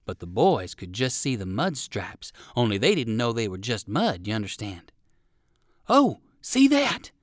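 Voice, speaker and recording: A man narrating a children's storybook with warm, expressive storytelling. His pitch rolls up and down in a lively way, and the recording is close and dry. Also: normal speed, hardly any pauses, no echo. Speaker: reader.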